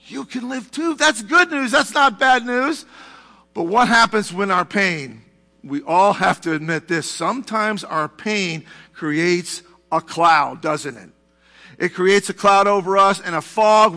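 In a church sanctuary with a long reverb tail, a male pastor with a high, bright, forceful voice preaches a sermon. He talks conversationally, making asides to the congregation.

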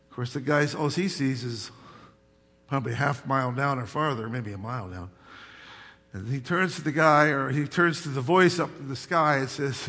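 A man preaching a sermon as pastor, telling folksy stories and building to loud, emphatic points. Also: medium pitch, normal speed. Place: church sanctuary. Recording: long hall reverb.

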